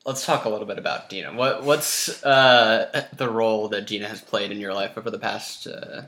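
A man hosting a podcast interview, asking halting questions with repeated words. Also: on the low side, fairly even intonation, a bit bright. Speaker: podcast host.

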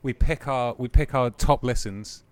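A man's voice: medium pitch, measured pace, darkish tone, smooth, no echo. A man hosting a casual podcast while hungover, laughing and rambling through his sentences. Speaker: podcast host. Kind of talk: casual chat.

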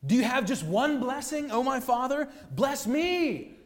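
Preacher doing a whining, childish grown man who begs and pleads; high, squeaky, loud. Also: expressive, measured pace. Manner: whiny, pleading.

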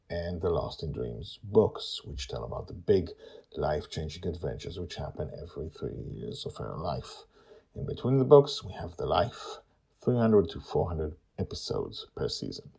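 A man with a low, husky voice narrates his own story, his pitch rising and falling a lot. He tells it casually and in an animated way, tossing in offhand asides. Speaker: author and narrator.

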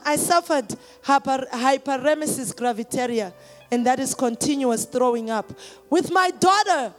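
A woman preacher, perhaps in her thirties, giving a sermon that moves from quiet personal testimony to shouted calls to the congregation. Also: high voice.

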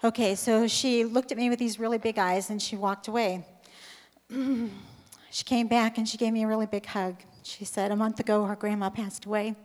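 A woman nervously reading her own testimony aloud in a church, with some hesitation. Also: mid-range voice. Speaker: church member giving a testimony. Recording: long hall reverb.

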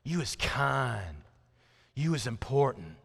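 A man voicing a small, trusting little girl who recites words slowly and haltingly. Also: mid-range voice, big pitch swings, creaky, fairly bright tone, husky, in a large hall, full character voice. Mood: earnest.

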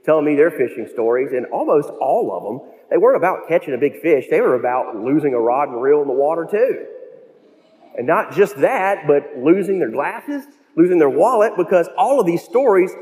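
A man's voice: on the high side, warm tone. Storytelling male pastor in a reverberant church. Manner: storytelling, with slow emphatic phrases. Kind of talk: sermon. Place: church sanctuary.

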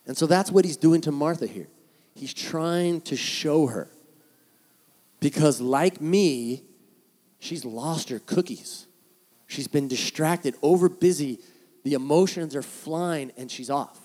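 A man preaching from the pulpit, his voice sitting a little on the higher side for a man. He tells stories with real animation, swinging between soft, tender lines and sudden loud bursts as he acts out the people he quotes. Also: takes it slowly. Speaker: pastor. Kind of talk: sermon.

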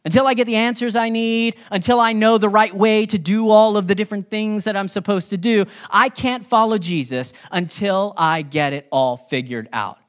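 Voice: medium pitch, moderate pace, hardly any pauses. A pastor preaching a sermon in a conversational, joking way, with sudden emphatic stresses.

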